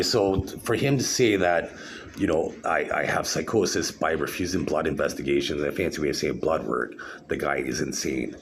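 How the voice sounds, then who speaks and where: A man from Canada talking to camera in a rambling monologue, aggrieved and halting, full of fillers and restarts. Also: very deep voice, background noise. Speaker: vlogger.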